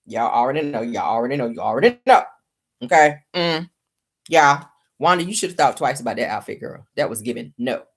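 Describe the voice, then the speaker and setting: A woman's voice: rumbling low, animated, fairly quick, breathy edge. A woman hosting her own channel, dishing casual reality-TV gossip commentary in a sassy, blunt way, talking straight to her viewers. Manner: sassy, blunt, addresses viewers as "y'all" and "baby".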